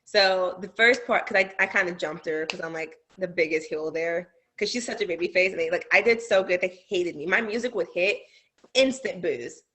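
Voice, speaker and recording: A young adult woman, a guest wrestler, telling animated stories in a casual podcast chat with many fillers. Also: fairly low pitch, moderate pace. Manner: animated storytelling, lots of fillers.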